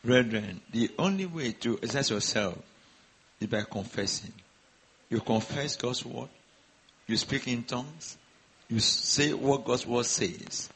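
A man's voice: medium pitch, unhurried, a bit bright, breathy edge, low-quality recording. A man preaching a sermon to a congregation, exhorting them with rhetorical questions and repeated calls.

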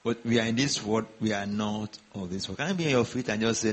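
A man's voice: fairly low pitch, fast talker, hardly any pauses, slight background noise, rough recording. A man preaching a sermon to a congregation, exhorting them with rhetorical questions and repeated calls.

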